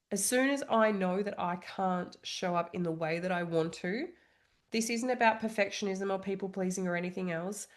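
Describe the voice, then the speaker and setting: Candid lower-voiced woman coach. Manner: reflective, openly vulnerable, frequent "you know" and "like". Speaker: trauma coach. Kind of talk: candid solo monologue.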